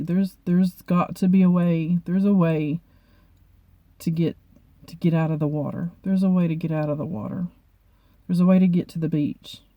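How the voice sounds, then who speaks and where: A woman vlogger talking to camera in a halting, heartfelt way, often repeating herself. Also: lowish voice, dry recording, dull audio. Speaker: beauty vlogger. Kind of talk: personal talk to camera.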